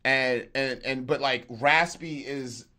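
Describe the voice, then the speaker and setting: A beat producer teaches on a casual livestream from his home studio, taking it slowly in a bright, forceful, medium-pitched voice. Laid-back and slangy, he responds to chat and addresses viewers directly.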